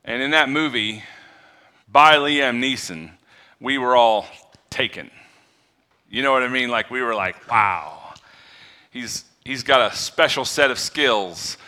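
A man, a pastor, preaching a sermon in a conversational way that builds to loud, excited delivery. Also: mid-range voice.

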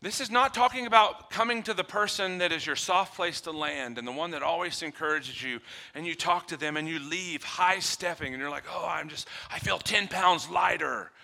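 A man preaching a sermon, shifting between quiet low passages and loud emphatic ones, acting out little dialogues with humor. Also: brisk. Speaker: pastor.

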